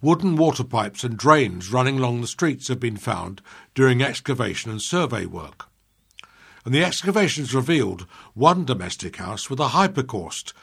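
A man reads a local history piece he wrote, keeping a steady, measured pace. His voice has a slightly husky edge and a middling pitch. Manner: measured, steady reading with small slips. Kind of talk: reading a prepared history piece.

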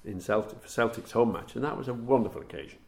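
A middle-aged man, a former footballer, recalling anecdotes in a relaxed interview, chuckling at his own stories. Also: mid-range voice, fast talker, vocal fry, a little hiss or hum. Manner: warm storyteller, chuckles at his own tales.

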